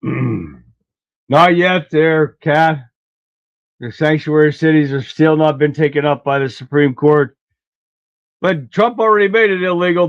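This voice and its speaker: Folksy guy hosting a live show, kinda high voice, muffled dry audio. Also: no echo. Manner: folksy, blunt, clears throat often. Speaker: livestream host. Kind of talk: casual political commentary. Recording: dull lo-fi dry sound.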